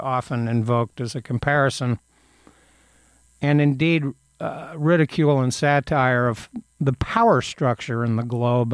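A man talks through current events in a slow, rambling commentary, pausing and restarting as he thinks. His voice is smooth and clear, and the recording is dry with no room sound. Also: mid-range voice, no echo. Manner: halting, many fillers and restarts; reads news items aloud.

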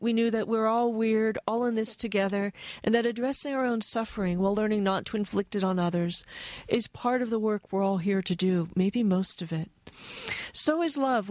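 An American woman reading aloud from her own essay and talking about it, thoughtful and wry, with a flat voice and frequent asides. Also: mid-range voice, no room sound. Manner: thoughtful, wry, given to digressions. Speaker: author.

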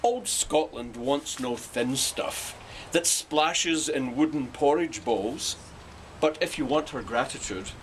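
A man's voice: mid-range voice, expressive, takes it slowly. A man reciting a poem in a dramatic, relishing manner, heard from an online clip. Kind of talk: poetry recitation. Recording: online clip with faint background noise.

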